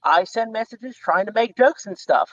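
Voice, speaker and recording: A man guest telling a long story in casual chat, rambling and animated, acting out the lines of others. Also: high-pitched, moderate pace. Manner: rambling, animated retelling with quoted dialogue. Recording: slightly dull lo-fi sound.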